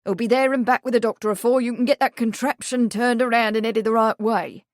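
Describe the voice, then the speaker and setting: A woman doing a gruff old stable hand. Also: mid-range voice, moderate pace, a little mellow, no room sound, clean studio sound, natural voice. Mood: gruff, urgent. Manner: gruff, respectful. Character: gruff shaggy-haired male stable servant, blunt.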